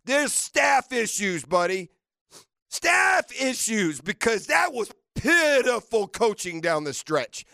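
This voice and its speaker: A man hosting sports radio, delivering a fiery, mocking rant with shouted bursts. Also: extremely high pitch, vocal fry, no room sound, studio quality. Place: radio studio.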